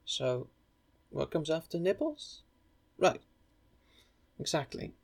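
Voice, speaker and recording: A man's voice: fairly high pitch, big pitch swings, takes it slowly, gravelly. A young man in an intimate audio role-play who speaks straight to the listener, playful and rambling, often stammering and apologizing.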